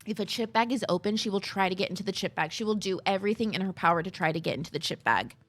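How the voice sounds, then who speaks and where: A woman's voice: mid-range voice, very fast. A young woman streamer from Minnesota with a slight Minnesota accent, chatting casually with viewers in a rambling, giggly way.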